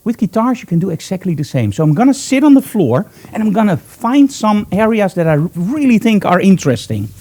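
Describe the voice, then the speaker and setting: A man's voice: sits high, sing-song, fairly quick, hardly any pauses, mellow. A man teaching photography live in a studio, talking chattily and upbeat as he thinks aloud while he works. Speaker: photography instructor.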